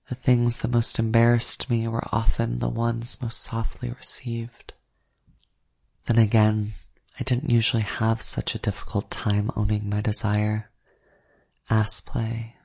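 A narrator reading a first-person erotic story aloud in a slow, hushed manner that often drops to a whisper. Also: medium pitch, monotone, vocal fry, breathy edge.

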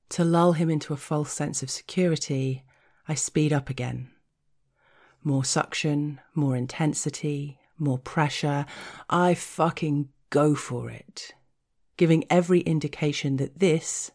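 A woman with a low voice tells an explicit first-person story, taking her time over every line. Her delivery is frank and wry, with a teasing edge. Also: darkish tone. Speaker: erotic audio storyteller.

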